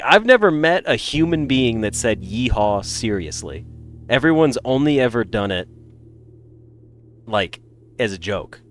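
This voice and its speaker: A man with an American accent, a little congested, chatting casually with viewers in a rambling, animated way. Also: mid-range voice. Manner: animated, rambling, swings between loud bursts and mutters. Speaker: streamer.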